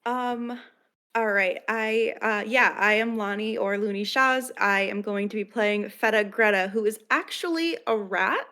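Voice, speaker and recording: Bright-voiced woman player, rambling. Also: medium pitch, a little slow, clear, resonant tone. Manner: thoughtful, rambling. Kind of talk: casual chat.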